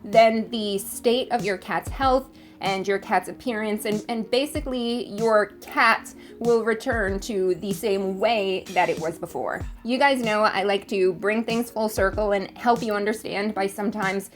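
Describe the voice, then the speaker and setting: A woman's voice: mid-range voice, a little slow, soft background music. A woman hosting her own vlog, explaining cat care in a friendly, direct way straight to the camera. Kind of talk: casual talk to camera.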